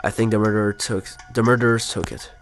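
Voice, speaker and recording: A man reading game dialogue aloud in his own voice, voicing an aggrieved young male gangster nephew in a flat, casual way. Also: fairly low pitch, fast, faint music behind, natural voice.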